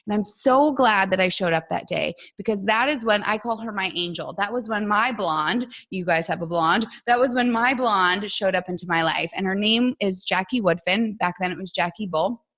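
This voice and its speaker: A middle-aged woman fitness coach gives a motivational talk to her team. She is chatty and warm in how she tells her story. She acts out other people's words as she goes. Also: mid-range voice, normal speed, hardly any pauses.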